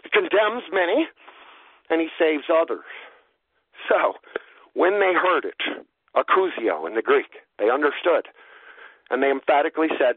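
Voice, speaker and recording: Emphatic high-voiced preacher on a thin line. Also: male voice, lively intonation, measured pace, long pauses, breathy edge, dry recording. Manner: emphatic, repeats phrases for stress. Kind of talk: sermon, Bible teaching. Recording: phone-like narrow sound.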